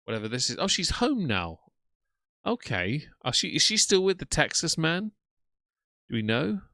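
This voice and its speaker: A young man reacting to videos on a live stream, chatty and sarcastic, reading out chat names. His voice is bright and forceful, recorded close and dry with no room sound. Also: fairly high pitch, big pitch swings, normal speed, gravelly, dry recording. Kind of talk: casual live-stream commentary.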